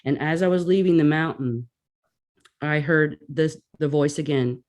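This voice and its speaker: A woman guest telling a personal story in a casual, animated way, acting out her own reactions. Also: low voice, a little slow.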